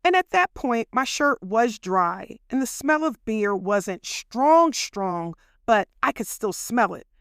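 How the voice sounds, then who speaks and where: Chatty woman telling her story, higher voice. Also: slow pace, smooth, no room sound, studio quality. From Philadelphia. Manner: chatty, animated, speaks straight to listeners. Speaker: podcast host telling her own story. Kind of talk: casual personal storytelling.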